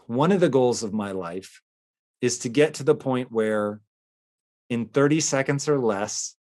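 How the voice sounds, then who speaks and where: A man hosting a podcast talks about feelings with an earnest, animated delivery. His voice sits in an ordinary middle pitch, and he shifts between fast stretches and slower, emphatic ones. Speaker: podcast host. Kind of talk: casual motivational talk.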